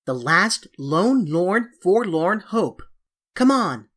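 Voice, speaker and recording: A woman's voice: on the low side, sing-song, takes it slowly, a bit bright, full character voice. A woman voicing an eager, coaxing young English girl who pleads dramatically, in a storybook reading. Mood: pleading.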